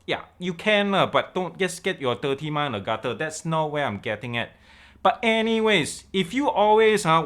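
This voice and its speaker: A man doing a comic impression of a brash Malaysian uncle, speaking Malaysian English with Singlish and an exaggerated, drawn-out, sing-song sales pitch. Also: a bit bright. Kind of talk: comedic impression.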